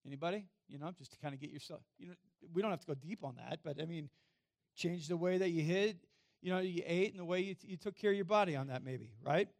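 A man preaching a sermon in a church, chatting with the congregation and asking them questions, getting louder for emphasis and going quiet and low to read scripture. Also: fast, vocal fry, dry recording. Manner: conversational, self-deprecating, asks the congregation questions. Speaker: pastor. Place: church sanctuary.

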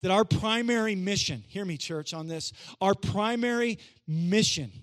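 A man preaching a sermon as pastor to his church, conversational, repeating phrases and asking "right?", moving between quiet lines and loud emphasis. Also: high voice, a little slow, few pauses.

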